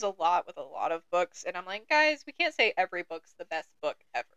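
A woman's voice: mid-range voice, lively intonation, a little fast, few pauses, clean tone, no room sound, lo-fi sound. A young woman co-hosting a book podcast, chatty and joking, laughing often. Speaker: podcast co-host. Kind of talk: casual chat about books.

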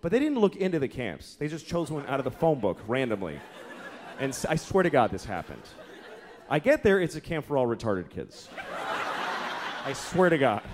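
Live from a comedy club, a man in his thirties spins profane, exasperated stories, acting out the people he quotes as the crowd laughs over faint noise. He speaks at normal speed and medium pitch, with big swings in pitch.

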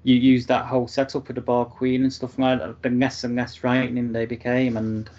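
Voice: mid-range voice, little pitch movement, a little fast, darkish tone, muffled recording. A co-host in a casual fan discussion who speaks hesitantly with many fillers and a wry edge. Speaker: podcast co-host.

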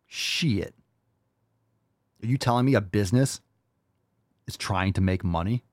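Sarcastic man with lively, swinging delivery. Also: medium pitch, a little slow, long pauses, no echo, clean studio sound. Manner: mocking, sarcastic, profane, swings from loud outbursts to muttering. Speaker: podcast host. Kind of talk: sarcastic commentary reacting to a read-out article.

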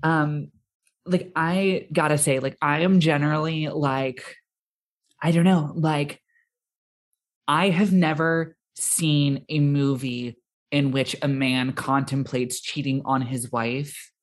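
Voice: medium pitch, slow pace. A podcast co-host from America chatting casually about a film, rambling with lots of fillers. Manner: rambling, full of "like", animated quoting.

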